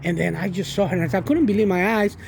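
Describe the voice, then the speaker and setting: A fast-talking vlogger and father with a high, fry-tinged voice tells a rambling spiritual story about his daughter. He restarts often and keeps repeating endearments, with slight background noise behind him.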